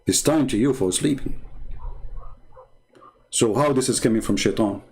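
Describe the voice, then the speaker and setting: A man's voice: mid-range voice, moderate pace, darkish tone. A man hosting an online commentary show, speaking in a mocking, argumentative way. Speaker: host.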